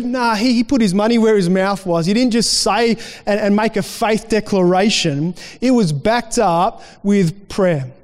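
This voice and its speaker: A man with a high voice preaches to his congregation, chatty and loose, restarting phrases as he talks them through. His voice rings out with a long hall reverb behind it. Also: unhurried, hardly any pauses. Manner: conversational preaching with restarts and acted-out quotes. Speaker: pastor. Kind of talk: sermon.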